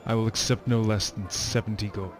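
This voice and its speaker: A man's voice: lowish voice, fairly even intonation, a little fast, faint music behind, close to an everyday voice. A man voicing a stern ship captain who is curt and cold, and only wants gold.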